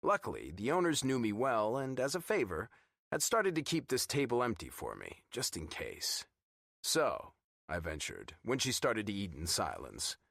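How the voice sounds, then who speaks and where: A man's voice: fairly low pitch, gravelly, a bit bright, dry recording, studio quality. A man narrating a romance audiobook in first person, with a wry, teasing manner.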